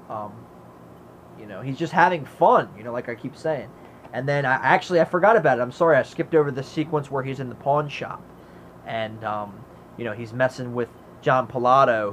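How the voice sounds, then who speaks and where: An enthusiastic man talks through a film in a casual review at an average pitch. He rambles, recounts scenes and leans on "you know" fillers. A faint noise sits behind him. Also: fairly bright tone. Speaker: movie reviewer. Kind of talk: casual movie review vlog.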